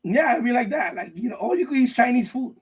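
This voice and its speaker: A man's voice: extremely high pitch, expressive, fast, slightly rough, poor audio. A man hosting a live stream from his basement, ranting casually with profanity and lots of repetition, riffing in mock voices. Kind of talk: rambling casual rant. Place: basement room.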